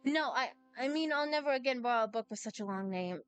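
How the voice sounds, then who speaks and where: Woman streamer reading as a high-voiced, excitable young man, game dialogue. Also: fast, clear, resonant tone, no room sound, soft background music, natural voice. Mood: flustered. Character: excitable young male architect, flustered and dramatic.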